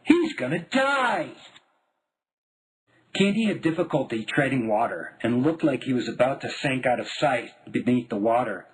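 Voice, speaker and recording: A husky-voiced man narrates his own memoir with wry, deadpan humor. His delivery is lively, with a wide, animated pitch range. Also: brisk, few pauses, low-quality recording. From Denver, United States. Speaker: memoir author.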